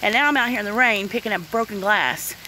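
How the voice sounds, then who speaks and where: A woman's voice: medium pitch, quick pace, sharp tone, a little hiss or hum, rough recording. A middle-aged woman, ranting bluntly and swearing in a casual outdoor vlog in the rain. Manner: upset, blunt, swears, says "honey" and "y'all". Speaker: vlogger. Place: outdoors in the rain by her yard.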